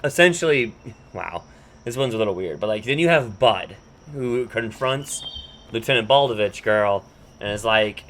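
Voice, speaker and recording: Recapping a cartoon episode on his podcast, this host rambles loosely, swears a lot, restarts, and leans on "um" and "like." He speaks at normal speed in a fairly low, slightly bright voice with lively intonation, and there's slight background noise.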